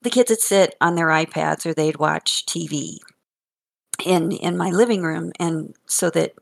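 An older woman chatting casually and telling funny stories about her grandchildren, animated and often laughing and repeating words. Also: on the low side, unhurried, gravelly. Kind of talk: casual chat.

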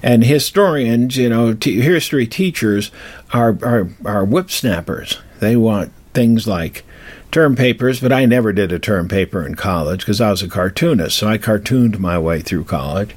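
A man's voice: fairly low pitch, expressive, normal speed. A man in his seventies from Colorado, telling rambling anecdotes in a casual way as a radio host, with many fillers and restarts. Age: 70s. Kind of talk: casual storytelling.

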